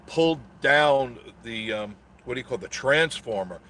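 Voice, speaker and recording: A man's voice: mid-range voice, lively intonation, moderate pace, bright, forceful tone. A man hosting a casual live stream, telling a rambling story with a sarcastic edge and greeting viewers in the chat.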